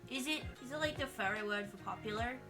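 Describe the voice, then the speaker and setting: A woman's voice: a little high, quick pace. A woman streamer with a put-on Australian accent and a congested throat, chatting playfully and scolding her chat. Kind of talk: casual live-stream chat. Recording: background music playing.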